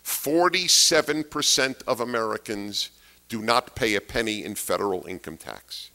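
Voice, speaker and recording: Man, lecture delivery, bright forceful tone, hammers points by repetition, rhetorical questions. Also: lowish voice, normal speed, vocal fry. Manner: emphatic, repeats key phrases, asks rhetorical questions. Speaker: speaker giving a talk. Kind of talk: political lecture to an audience.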